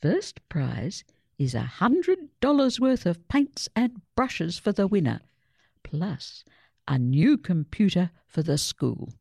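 A woman's voice: lowish voice, sing-song, creaky, a little mellow, breathy edge, no echo, studio quality, voice pushed up, exaggerated voice. A woman doing an encouraging schoolteacher. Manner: brisk and encouraging.

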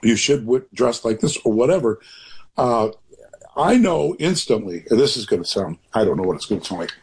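A man's voice: mid-range voice, sing-song, moderate pace, a little mellow, breathy edge. An older man, a grandfather, speaking as an author guest in a casual interview, rambling and reflective with many restarts.

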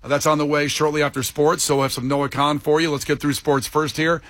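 A man hosting a morning radio show, chatty and quick to laugh, on a studio microphone. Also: a little high, flat delivery, a bit bright, no room sound. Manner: chatty, laughs easily, mimics voices. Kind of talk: casual morning radio banter.

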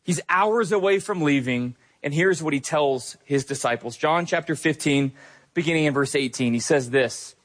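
A man's voice: a little high, moderate pace. A man preaching a sermon as a pastor, earnest and conversational, with occasional fillers.

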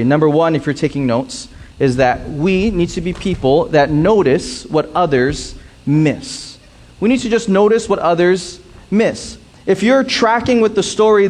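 A pastor delivering a sermon, slowing down to repeat his key points for emphasis. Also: on the high side.

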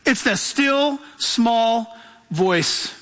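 High, bright-voiced man preaching a sermon. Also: animated, very slow, long reverb tail. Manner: emphatic, acts out voices in his telling. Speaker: pastor.

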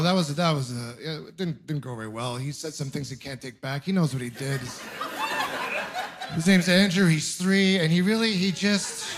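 Self-mocking man doing stand-up. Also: high-pitched. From Ontario, Canada. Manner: rambling, self-mocking storytelling with acted asides. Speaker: stand-up comedian. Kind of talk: stand-up comedy set. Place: comedy club with laughing audience.

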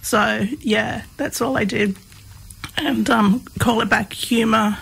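A woman's voice: on the high side, steady tone, slow pace, gravelly, a bit bright, slightly rough, rough recording. A woman, a guest in an interview, telling stories in a chatty way and laughing as she talks. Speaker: interview guest, comedy researcher. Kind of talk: casual conversational storytelling.

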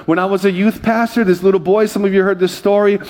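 A man's voice: sits high, fairly even intonation, quick pace, a little mellow. A man pastor preaching a conversational sermon and joking with the congregation.

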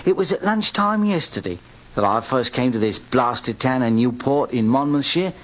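An actor playing a poor, folksy drifter who narrates an old-time radio drama. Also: male voice, mid-range voice, expressive, lightly acted. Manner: folksy, slow-spoken, self-pitying. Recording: hissy old radio recording.

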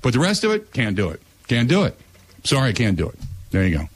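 A man's voice: medium pitch, wildly swooping pitch, fast talker, husky. A man hosting a talk radio show, ranting with sarcastic, fired-up opinions.

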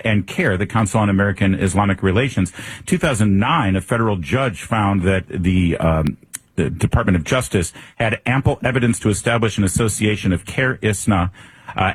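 A male talk radio host with a low, husky voice and a sarcastic, combative manner. He delivers a political monologue in a dry, close-miked sound. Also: no echo.

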